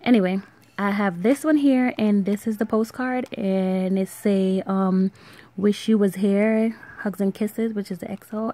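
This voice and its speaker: Relaxed island-accented woman with gravelly edge. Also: mid-range voice. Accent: Caribbean. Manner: relaxed, rambling, with fillers and soft laughs. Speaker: vlogger. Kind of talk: casual show-and-tell vlog.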